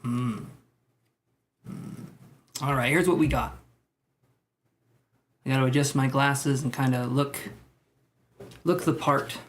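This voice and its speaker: A male tarot reader on a live stream talks slowly in a steady, medium-pitched voice, leaving long pauses, with slight background noise. Between cards he chats and jokes with viewers, rambling off on asides.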